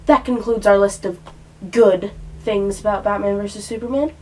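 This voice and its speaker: A woman's voice: medium pitch, fairly even intonation, normal speed, darkish tone, recorded from a distance, poor audio. A young woman reviewing a movie in a casual vlog, ranting and swearing in exasperation.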